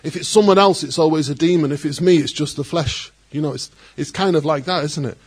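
A man preaching a sermon as pastor, animated, acting out quoted voices and adding joking asides. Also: on the high side, a little fast, slightly rough.

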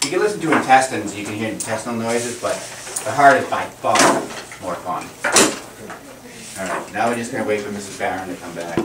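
Teaching children, a veterinarian leads a hands-on demonstration, giving patient and encouraging directions at a slightly fast pace in a fairly low voice. The room echoes, background noise is noticeable, and he seems distant from the camera.

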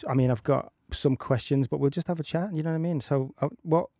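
Gravelly chatty podcast host. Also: male voice, a little high, fast talker, dark tone, dry recording, studio quality. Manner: chatty, many fillers like "you know". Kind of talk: casual interview chat.

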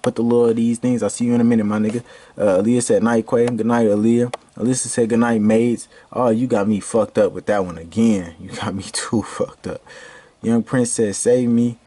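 A man's voice: medium pitch, steady tone, moderate pace, warm tone, slight background noise. A man vlogging with friends and reading out live-stream comments, joking and laughing with profane banter. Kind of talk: casual chat with friends.

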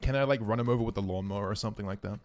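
A man streaming a game live, giving excitable, profane running commentary and talking to his chat. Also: on the low side, racing.

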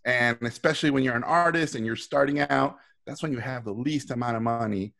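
Here a middle-aged man appears as a guest on a live video call, animatedly recounting stories, doing voices for quoted lines and swearing a lot. He talks a little fast, at medium pitch, with a creaky, slightly bright quality.

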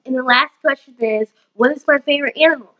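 A woman's voice: sits high, fast. Chatty young woman vlogging, lo-fi sound. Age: young adult. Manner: chatty, bubbly, many fillers. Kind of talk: casual chat to camera.

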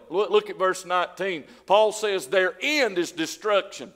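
Man preaching, fairly high voice, church-hall reverb, punchy questions that rise and fall. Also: normal speed, few pauses, a bit bright. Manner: preaching with rhetorical questions, swelling and dropping in volume. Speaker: pastor. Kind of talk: sermon. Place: church sanctuary.

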